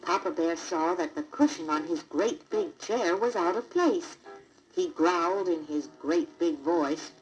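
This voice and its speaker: A woman narrating a children's storybook record in a deliberate, expressive read-aloud manner. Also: lowish voice, over music, low-quality recording.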